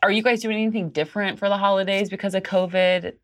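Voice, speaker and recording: A woman's voice: mid-range voice, fairly even intonation, fast. A woman hosting a casual interview, asking playful, curious questions. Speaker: host.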